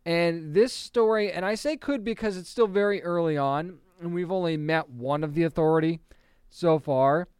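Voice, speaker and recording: A man's voice: fairly high pitch, normal speed, darkish tone, clear, resonant tone, no room sound, studio quality. A man chatting casually and enthusiastically as he reviews comic books, often restarting his sentences and laughing a little.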